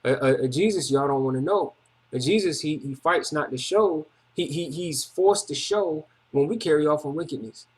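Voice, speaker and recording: A man's voice: on the high side, moderate pace, a little mellow, husky. A man giving a rambling, emotional personal testimony in repetitive, slangy street talk. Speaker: testimony speaker.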